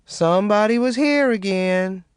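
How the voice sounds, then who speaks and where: A man's voice: high voice, a little slow, smooth, dry recording, clean studio sound, voice pushed up. Level-headed church woman, read by a man, plain and blunt.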